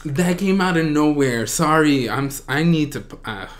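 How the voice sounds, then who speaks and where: A man hosting a reaction video, gushing with excitement and often breaking into shrieks and squeals. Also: fairly high pitch, moderate pace. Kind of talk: excited fan reaction commentary.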